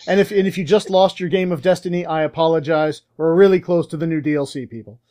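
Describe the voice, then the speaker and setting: A man's voice: a little high, fast talker, warm tone. A man hosting a podcast, joking playfully and steering the talk between guests. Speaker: podcast host.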